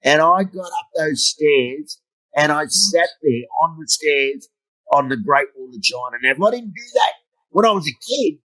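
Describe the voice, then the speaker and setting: A man's voice: fairly high pitch, animated, normal speed, bright, forceful tone, rough recording. A middle-aged man, a motivational speaker, telling blunt, humorous stories in an interview and swearing freely. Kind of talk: storytelling interview.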